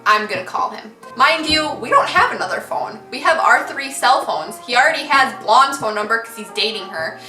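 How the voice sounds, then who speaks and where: A young woman vlogger telling a funny story, animated and giggly, often breaking into laughter. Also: fairly high pitch, normal speed, hardly any pauses, reverberant, recorded from a distance, soft background music. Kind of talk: storytime vlog.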